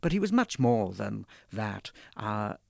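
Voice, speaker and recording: A low-voiced man speaks as a biographer, thoughtful and pausing with small fillers. The recording is dry and close. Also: big pitch swings, gravelly, a little mellow, dry recording. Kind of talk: interview.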